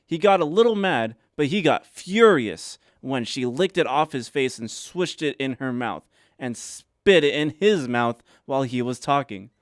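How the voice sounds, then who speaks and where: A man on a comedy podcast reads a listener's letter aloud in a smooth, clear voice with a lively pitch. His delivery is emphatic and mock-dramatic. He sits a bit back from the mic in a dry room. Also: unhurried, no room sound. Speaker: podcast co-host reading listener mail. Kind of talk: reading a write-in aloud.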